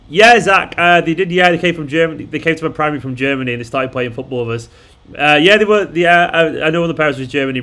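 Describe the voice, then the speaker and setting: Chatty man with a higher voice. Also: sharp tone. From Manchester, England. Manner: chatty and rambling, reads out and answers viewer messages. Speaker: fan channel host. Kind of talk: casual live watchalong chat.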